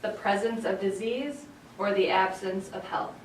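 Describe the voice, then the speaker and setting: A woman's voice: mid-range voice, unhurried, a little hiss or hum. Woman presenting, echoey distant room. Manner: steady, explaining with fillers. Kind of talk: explanatory presentation.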